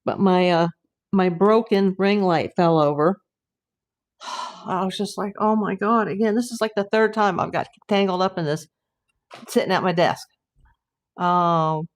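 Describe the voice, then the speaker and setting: A middle-aged woman hosting a casual livestream, chatting and reading viewer comments aloud in a rambling way. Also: on the low side. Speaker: livestream host.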